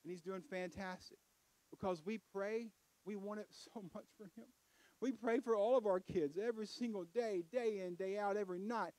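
A high-pitched middle-aged man preaches in a folksy, conversational way that swells into loud, emphatic bursts. His voice sits close and dry, with little room sound around it. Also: steady tone, normal speed, dry recording, poor audio. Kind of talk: sermon. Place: church.

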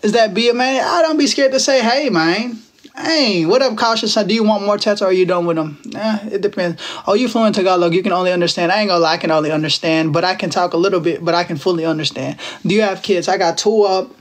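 A fast-talking man in his twenties from Texas, with a high voice, chats casually with viewers on a phone livestream. He teases them in playful, slangy banter.

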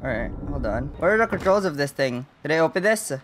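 A man's voice: fairly high pitch, expressive, quick pace, fairly bright tone, slight background noise. A young man playing through a horror game, talking nervously to himself, swearing constantly and crying out when startled. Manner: jumpy, swears constantly, nervous self-talk. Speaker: gaming channel host. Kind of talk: horror game let's play commentary.

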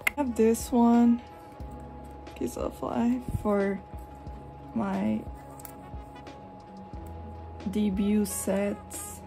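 A young woman from Europe chatting casually at home while showing her collection, rambling and expressive, slipping into animated retellings. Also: mid-range voice, extremely slow, gravelly, pauses often, over music. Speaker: vlogger. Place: hot room at home with a fan running.

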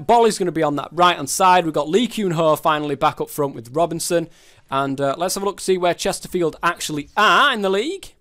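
A young man with a high-pitched voice talks over his football game. He rants and swears at the game in a casual, frustrated way. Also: fairly bright tone. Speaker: gaming YouTuber.

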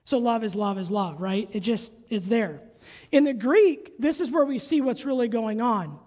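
High-voiced woman preaching in a reverberant church. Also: normal speed, a little mellow. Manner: engages congregation with questions. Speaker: pastor. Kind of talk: sermon. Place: church sanctuary.

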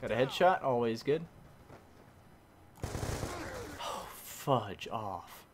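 A man commentating his own game casually, muttering and then shouting in frustration, using mild minced swears. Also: mid-range voice, very animated, a little slow, background noise. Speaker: gameplay commentator.

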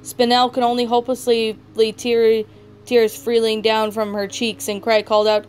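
A woman's voice: on the high side, monotone, moderate pace, darkish tone. A woman reading a fan fiction story aloud, often stumbling and restarting words. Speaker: story narrator. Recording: background music throughout.

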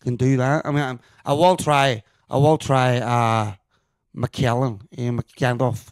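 A man's voice: medium pitch, flat delivery, takes it slowly, smooth, no room sound, clean studio sound. A man with a Northern Irish accent hosting a casual comedy chat, teasing and laughing. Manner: laughing, teasing, tries silly impressions. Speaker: podcast host.

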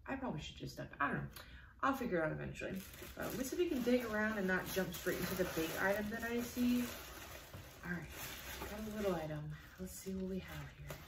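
A young woman vlogging an unboxing in casual chat, gushing and excitable, sometimes dropping to a whisper. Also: medium pitch, quick pace, gravelly. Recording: roomy echo, faint noise.

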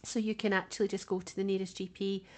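A woman's voice: medium pitch, flat delivery, fast. A woman co-hosting a podcast, talking casually and chattily and laughing often. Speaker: podcast co-host.

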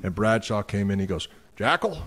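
Guy with a lowish voice spinning old stories on a podcast, really animated, does everyone's lines. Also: moderate pace. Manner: animated, acts out other people's lines. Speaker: podcast guest. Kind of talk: casual storytelling.

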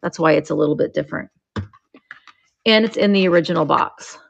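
A woman's voice: low-pitched, brisk, creaky, highs cut off. A woman chatting as she runs a live sale of vintage items, describing each piece as she shows it. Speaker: live auction seller.

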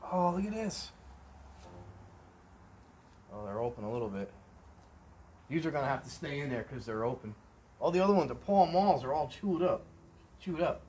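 A man giving a casual running commentary as he works, excitable, exclaiming and thinking aloud into a camera mic held close. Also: a little high, normal speed, pauses often. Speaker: vlogger restoring a vending machine. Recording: noisy background hiss.

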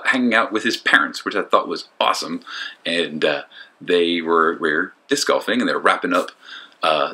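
Man, vlog voice-over, deep voice, bright tone, self-mocking, rambling. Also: gravelly, breathy edge. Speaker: disc golf vlogger. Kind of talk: casual voice-over commentary.

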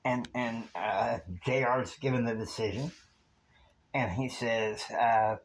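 A man's voice: medium pitch, fairly even intonation, slow, rough recording. A man telling a rambling, casual story that meanders from one scene to the next, with fillers along the way. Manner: meandering, with fillers and time stamps.

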